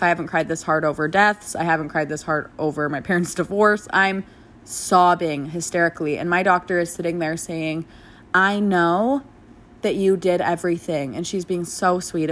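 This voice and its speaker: A young woman with a somewhat low-pitched voice tells her own story straight to the listener. She is candid and casual and swears freely. She slips into animated, higher voices whenever she quotes someone. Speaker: new mother telling her birth story.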